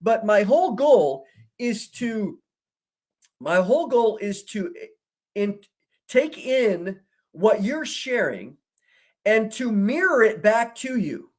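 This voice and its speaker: A man co-hosting a discussion, telling an animated story and acting out the dialogue he quotes. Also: high-pitched, takes it slowly, long pauses. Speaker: co-host. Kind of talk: conversational discussion.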